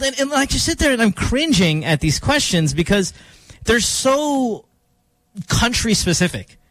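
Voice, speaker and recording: A man's voice: extremely high pitch, big pitch swings, a little slow, fairly bright tone, dry recording. A man hosting a casual morning radio show in a studio, joking and rambling with fillers.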